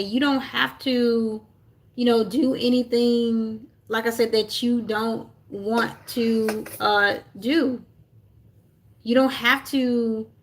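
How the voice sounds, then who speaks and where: In a casual livestream, a young woman with a slightly high voice coaches on self-love. She's earnest and encouraging, using lots of fillers and restarts.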